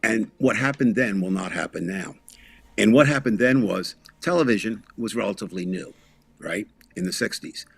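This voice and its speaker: A man co-hosting a political talk show, speaking in a measured, storytelling way. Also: fairly low pitch, gravelly, breathy edge, dry recording, faint music behind. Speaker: podcast co-host.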